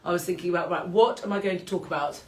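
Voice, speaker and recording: A woman's voice: lowish voice, fast, a little mellow, reverberant. A British woman hosting a live-streamed morning qigong class at home, chatting casually and self-deprecatingly, often breaking into laughter. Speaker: qigong teacher and show host. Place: home room, with dogs around.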